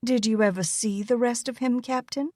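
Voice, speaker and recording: A woman's voice: fairly high pitch, steady tone, moderate pace, dark tone, no room sound, clean studio sound, voice pushed up, lightly acted. A woman voicing a poised young Southern woman who teases in an easy, silky drawl. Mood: teasing. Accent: American Southern.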